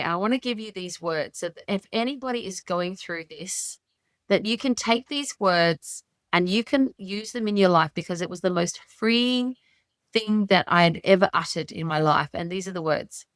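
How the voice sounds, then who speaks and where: Middle-aged aussie woman telling a story on a podcast call, animated, rambly, dry close sound. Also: medium pitch, no echo. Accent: Australian. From Australia. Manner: animated, rambling storyteller who acts out her own past thoughts. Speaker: podcast guest. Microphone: remote call.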